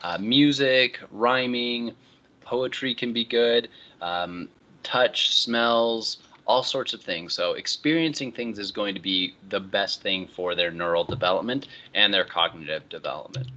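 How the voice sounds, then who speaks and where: A male college instructor giving a relaxed, conversational online lecture, often moving on with "all right, so.". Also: on the low side, unhurried, muffled recording. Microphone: computer microphone.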